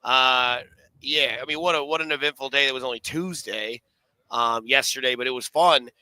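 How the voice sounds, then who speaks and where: A man's voice: mid-range voice, moderate pace, pushed and bright, clear, resonant tone, dry recording, poor audio. A man hosting a sports radio show, telling stories in a rambling, casual way with many fillers and restarts.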